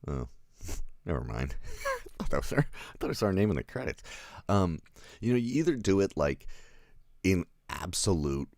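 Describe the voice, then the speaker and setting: A man's voice: rumbling low, darkish tone, dry recording, clean studio sound. A man reviewing a film in a casual livestream, rambling, chuckling and answering live chat as he goes.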